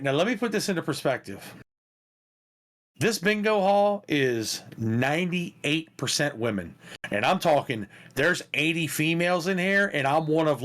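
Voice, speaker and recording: A man co-hosting a podcast who tells stories in a casual, animated way, swearing and laughing as he goes. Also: a little high. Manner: animated, profane, laughs through his stories. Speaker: podcast co-host. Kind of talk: casual storytelling chat.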